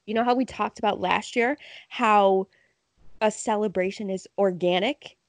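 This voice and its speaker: A woman's voice: medium pitch, normal speed, dry recording. A woman co-hosting a casual sports podcast, chatty and laughing often. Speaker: podcast co-host.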